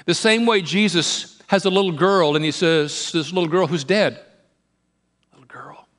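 A man preaching a sermon, emphatic and repetitive, swinging between rising fervor and quiet, hushed moments. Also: high voice, normal speed. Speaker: pastor.

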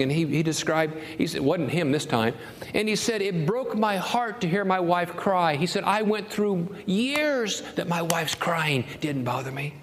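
A man preaching a sermon as pastor, telling a story and rising to an impassioned high pitch when he quotes scripture. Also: a little hiss or hum. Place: church sanctuary. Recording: long hall reverb, faint ambience.

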